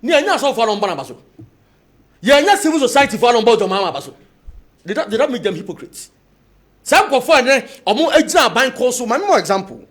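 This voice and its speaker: A man with a Ghanaian accent arguing as a panelist on a political talk show, mixing two languages in animated debate. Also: very high-pitched, quick pace. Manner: animated, mixes Twi and English.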